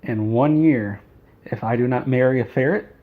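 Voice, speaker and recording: Casting: man voicing a sneaky giant rat king, hushed and plotting, mid-pitched, slightly muffled lo-fi sound. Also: moderate pace, close to an everyday voice. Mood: scheming. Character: scheming male rat king, gigantic and sly.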